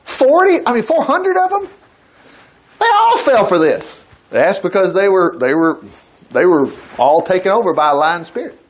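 Male preacher, fairly high voice, swooping pitch, folksy, chuckling storyteller. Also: sing-song, normal speed. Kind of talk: sermon, retelling a Bible story.

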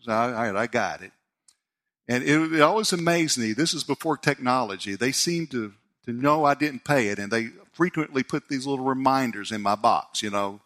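A man, preaching a sermon as a pastor and telling a personal story with animated delivery. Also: normal speed. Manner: storytelling, animated, voice rising high when excited.

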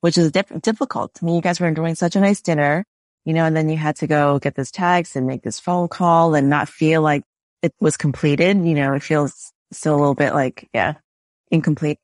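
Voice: mid-range voice, steady tone, brisk, no echo. Podcast host, conversational and reflective; mid-range voice, dry close-miked recording. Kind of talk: casual conversation.

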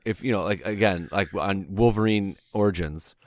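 Young Canadian man, podcast co-host, lowish voice, filler-heavy rambling, dry close sound. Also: normal speed, a little mellow, no echo. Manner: rambling, heavy on "like" and "yeah", swears casually. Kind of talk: casual chat.

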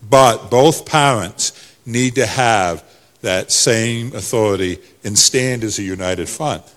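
A male pastor, preaching a sermon that swings from soft to loud. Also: lowish voice, takes it slowly, in a large hall.

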